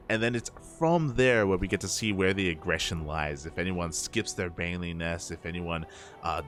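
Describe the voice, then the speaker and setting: A man with a low-sitting voice calls a live game as an esports caster, his commentary energetic, full of jokes and laughter aimed at the chat. Slight background noise is present.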